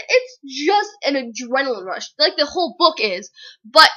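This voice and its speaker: A young woman giving an excited, gushing book review in a casual, dramatic way. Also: high-pitched, normal speed. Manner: gushing, dramatic, very animated retelling.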